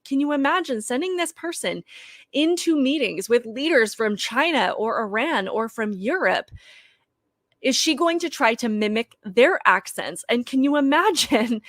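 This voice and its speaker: A woman's voice: on the high side, a bit bright, no room sound, clean studio sound. A woman hosting her own channel, giving earnest, opinionated political commentary straight to her viewers.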